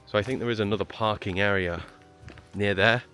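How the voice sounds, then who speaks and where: A man's voice: on the low side, brisk, pushed and bright, soft background music. A man chatting to his camera while walking up to a shrine on a hillside trail, self-mocking and out of breath from the climb. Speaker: travel vlogger. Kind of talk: walking travel vlog. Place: outdoors on a hillside trail and road.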